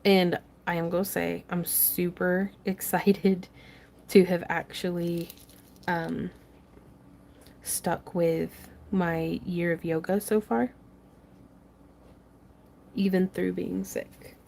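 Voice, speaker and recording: A woman's voice: on the low side, level tone, slow pace, creaky, long pauses, a little mellow, slight background noise. A young woman hosting a casual craft tutorial livestream, chatting, laughing often and reading viewer comments aloud as she works.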